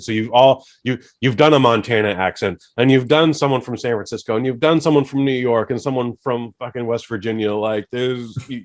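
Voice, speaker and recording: An American man hosting a casual podcast chat, animated and swearing freely. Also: mid-range voice. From United States.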